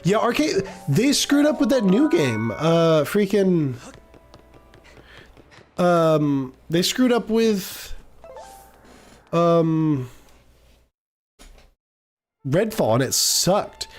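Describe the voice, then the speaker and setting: A man's voice: a little high, big pitch swings, faint music behind. A man streaming a game, chatting casually and rambling off mid-sentence as he reads his chat. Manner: rambling, distracted, quick to trail off.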